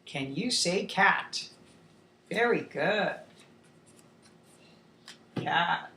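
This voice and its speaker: A woman teaching a beginners' English lesson to young children, slow and clear, with playful animal sounds. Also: fairly low pitch, lively intonation, sharp tone. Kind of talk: demo lesson for young learners. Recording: echoey room.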